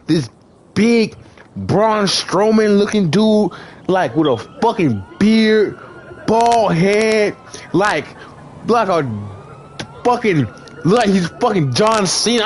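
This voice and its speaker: A man's voice: high-pitched, animated, slow, slight background noise. Rambling, profane young man telling a story. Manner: rambling, profane, full of "like" and restarts; acts out quoted lines, shouting and laughing. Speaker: gamer in voice chat. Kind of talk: casual storytelling in voice chat.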